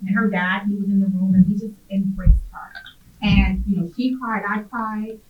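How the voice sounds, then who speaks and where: A woman's voice: medium pitch, fairly even intonation, moderate pace. Heartfelt middle-aged mother, distant tinny sound. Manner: heartfelt, frequent ums and likes. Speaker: parent panelist. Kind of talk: personal story at a panel discussion. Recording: echoey, tinny, distant, faint hiss.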